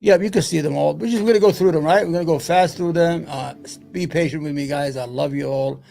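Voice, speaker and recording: A man's voice: a little high, a little fast, creaky, warm tone. A man hosting his own commentary show, talking loosely and profanely, muttering to himself as he searches for things between points. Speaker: solo commentary host. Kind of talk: rambling casual commentary.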